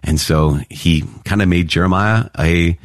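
A priest opening with prayer, then teaching Bible passages in an earnest, excitable way. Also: male voice, deep voice, no room sound, clean studio sound. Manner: earnest, excitable, quick asides with laughs.

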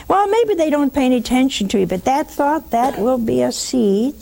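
An older woman hosting a religious call-in show, preaching emphatically, mocking at times and dropping to a hush. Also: sits high, expressive, normal speed, creaky. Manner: emphatic, scolding, mocking then hushed.

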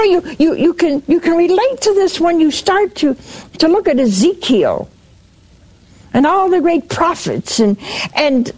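Slow, lively-voiced woman preaching. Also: high voice. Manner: retells a story, quoting speakers, with repeated restarts. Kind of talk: sermon storytelling.

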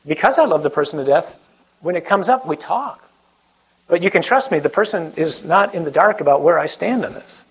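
A man speaking as a priest, giving an animated talk and then leading a prayer, acting out quoted voices as he goes. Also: a little high, fairly quick, slightly rough, poor audio.

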